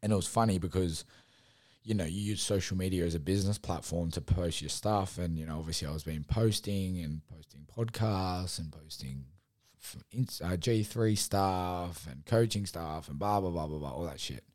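Aussie guy hosting a solo podcast, low voice, rambly and sweary, dry close sound. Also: normal speed, a little mellow, no room sound. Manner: rambling, heavy fillers and swearing, candid. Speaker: podcast host and gym owner. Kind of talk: casual solo podcast reflection.

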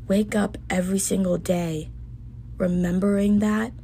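An earnest young woman talks through a heartfelt podcast monologue, her voice roughened by a gravelly fry. She sounds emotional and sincere, and a faint hiss of noise sits behind her. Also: mid-range voice, fairly even intonation, measured pace. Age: young adult. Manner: earnest, heartfelt self-talk with soft dips. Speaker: podcast host.

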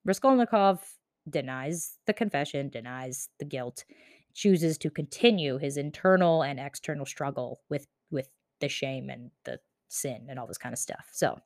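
A woman's voice: extremely low pitch, lively intonation, normal speed, no room sound, clean studio sound. A young woman casually summarizing a novel, chatty and profane, with lots of "like.". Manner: chatty, profane, says "like" often. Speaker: book explainer.

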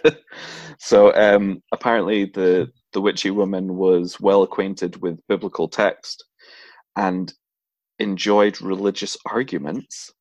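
The voice is a man's, fairly low and recorded close and dry with almost no room sound. He co-hosts a podcast, telling a folklore tale in a loose, chatty way and breaking into laughter and jokey voices. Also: little pitch movement, measured pace, darkish tone, dry recording, dull audio. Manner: laughs often, acts out voices, swears casually. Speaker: podcast co-host. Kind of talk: casual storytelling chat.

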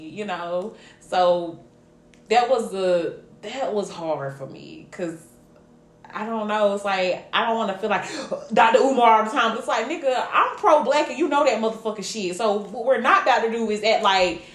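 A woman's voice: medium pitch, normal speed, echoey room. A woman co-hosting a podcast, talking frankly and profanely in casual chat and acting out her own remarks. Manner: candid and profane, acts out her own past lines in quotes. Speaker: podcast co-host.

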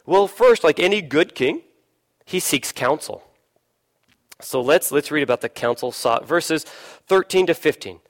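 A pastor preaches a lively sermon in an unhurried manner, pausing often. He puts questions to his listeners, briefly acts out voices from the story, and drops his voice low for emphasis.

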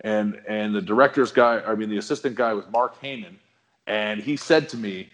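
A middle-aged man telling a long story in a relaxed, rambling, slangy way as a guest on a chat show. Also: lowish voice, normal speed. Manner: rambling, laid-back, slangy. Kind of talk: casual storytelling.

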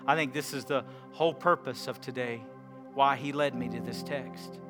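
A man preaching a sermon, swinging from loud emphasis to hushed quiet lines and asking the congregation questions. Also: medium pitch, fairly even intonation, moderate pace, over music.

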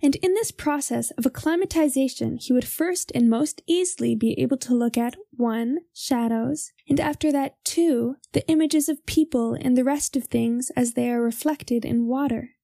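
A young woman reading a philosophy text aloud in a measured, formal way. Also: high-pitched, creaky, dark tone, no room sound, clean studio sound.

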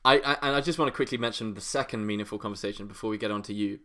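A man's voice: on the low side, racing, pushed and bright. A British man co-hosting a podcast, telling stories in a rambling, chuckling way. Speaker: podcast co-host. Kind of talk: casual chat.

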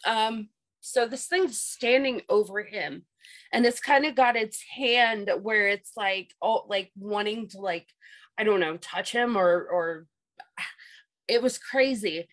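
A woman's voice: mid-range voice, slow, fairly bright tone, poor audio. Rambling woman telling a story. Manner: rambling, repeats herself, many fillers. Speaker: guest telling a paranormal experience. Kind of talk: casual storytelling.

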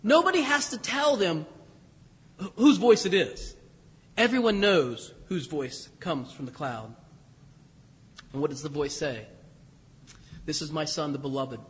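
A priest preaching a sermon, his voice pitched high for a man. He talks in a loose, conversational way with asides. The sound rings with the long reverb of a church. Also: animated, measured pace, pauses often, breathy edge. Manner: conversational, self-deprecating, with restarts and asides.

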